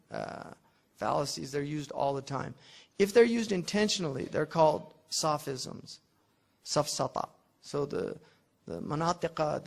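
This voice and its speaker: Male lecturer, somewhat high voice, gravelly texture, casual classroom explaining with plenty of restarts. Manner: conversational and digressive, with frequent restarts and fillers; explains with everyday examples. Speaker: teacher of classical logic.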